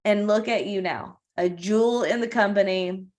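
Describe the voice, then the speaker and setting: A woman's voice: medium pitch, normal speed, darkish tone. A woman hosting a company video call, praising and encouraging a speaker in an effusive way.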